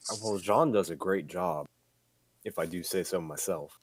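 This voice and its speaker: Man, tabletop player, upbeat and bold, lowish voice, clear background noise, clicks. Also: moderate pace. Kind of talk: casual tabletop play.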